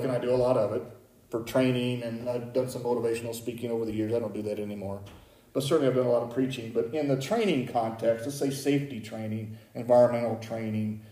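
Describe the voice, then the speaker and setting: A man delivers a sermon in a slightly high voice, conversational and direct with the congregation. He swings between loud, emphatic points and quiet, low asides. The room is echoey and roomy. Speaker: preacher.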